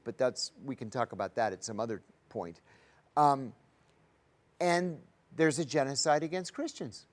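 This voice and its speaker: This man hosts a studio talk show in a mid-range voice at a measured pace. He sounds earnest, his emphasis rising as he drives home each point, and he acts out the voices of people he quotes.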